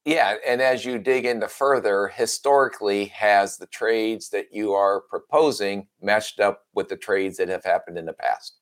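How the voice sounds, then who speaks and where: A man with a fairly low voice talks football on a podcast. He needles his co-host with blunt questions, stumbling over fillers as he goes. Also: fairly even intonation, moderate pace, hardly any pauses. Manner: teasing, pointed questions with many fillers. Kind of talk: casual sports podcast chat.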